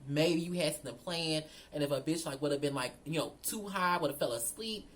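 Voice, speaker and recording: A woman telling a storytime vlog, animated and profane, talking straight to her viewers. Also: low-pitched, a little fast, a little hiss or hum. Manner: animated, profane, addresses viewers as girl and y'all. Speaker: storyteller vlogger.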